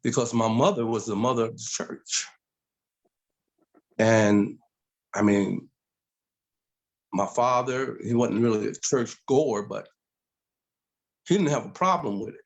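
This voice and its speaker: A middle-aged man telling his story as an interview guest, animated and acting out voices in quotes. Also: medium pitch, takes it slowly, long pauses.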